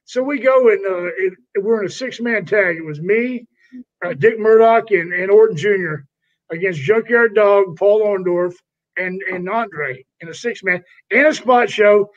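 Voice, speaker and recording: Older male ex-wrestler, high-pitched, loose and profane storyteller; dull lo-fi recording. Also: unhurried. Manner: rambling, profane, calls people brother. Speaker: retired pro wrestler, interview guest. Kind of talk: casual storytelling interview. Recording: dull lo-fi audio.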